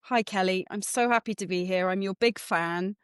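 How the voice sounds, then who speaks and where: A woman from Norfolk, England, with a mixed English and mid-Atlantic twang, talking as an interview guest. She is animated and self-deprecating, at a middle pitch. The recording is dry and close. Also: normal speed, clear, resonant tone, dry recording. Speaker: guest author and development economist. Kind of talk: casual interview chat.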